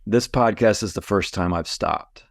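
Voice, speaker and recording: A man's voice: fairly low pitch, a little slow, creaky, dry recording, clean studio sound. A man co-hosting a casual podcast as a sports columnist, joking wryly and laughing as he talks. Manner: joking, wry, laughs while talking.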